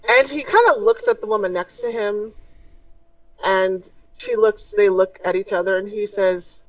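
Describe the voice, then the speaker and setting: A woman narrating a tabletop game as game master, unhurried and descriptive, with frequent fillers. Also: medium pitch, animated, dry recording. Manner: unhurried, many ums, descriptive. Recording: distant mic, dry room.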